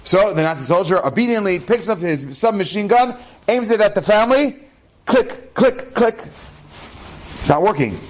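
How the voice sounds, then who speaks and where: A man, a rabbi, telling an inspirational story in an animated, casual way, acting out the dialogue. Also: high-pitched, brisk.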